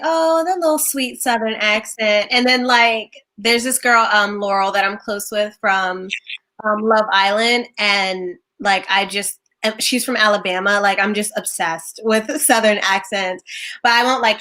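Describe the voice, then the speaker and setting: Bubbly bright-voiced woman co-host. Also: mid-range voice, fairly even intonation, moderate pace. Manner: bubbly, gushing, lots of "like". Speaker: podcast co-host. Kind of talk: casual chat.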